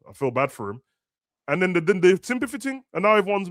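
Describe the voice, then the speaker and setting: A man's voice: high voice, expressive, fast, pushed and bright, no echo. A young man, chatting casually and ranting animatedly as a football podcast host. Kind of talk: casual chat.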